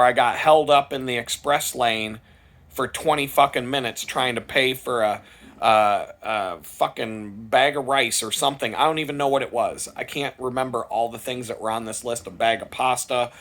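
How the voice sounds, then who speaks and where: Profane, animated man telling a story. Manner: profane, animated storyteller who gets louder and higher at funny peaks. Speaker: vlogger. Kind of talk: casual storytelling.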